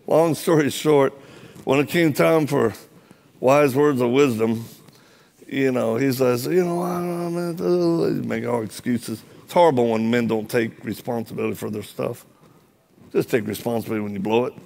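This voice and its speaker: A man's voice: medium pitch, normal speed, creaky. A middle-aged man preaching in a church, telling funny stories and acting out the other people's lines. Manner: animated, joking storyteller acting out dialogue. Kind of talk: sermon with comic storytelling.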